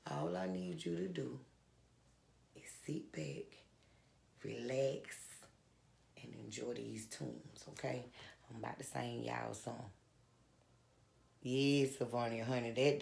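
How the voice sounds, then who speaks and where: A woman singer chatting casually to her fans in an effusive, soft-spoken way, often calling out to them directly. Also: extremely low pitch, unhurried, vocal fry. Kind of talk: casual vlog chat. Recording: roomy echo with faint guitar behind.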